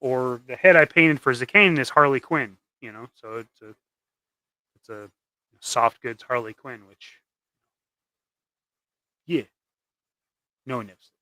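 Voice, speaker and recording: A man's voice: medium pitch, pushed and bright, dry recording. A man hosting a casual livestream while he paints custom action figures, rambling and trailing off into mumbles.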